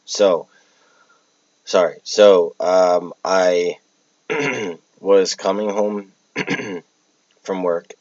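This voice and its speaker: A man casually telling a dream story, halting with restarts and fillers, often clearing his throat. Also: low-pitched, a little mellow, dry recording. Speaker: podcast host telling a dream. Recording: dull lo-fi dry recording.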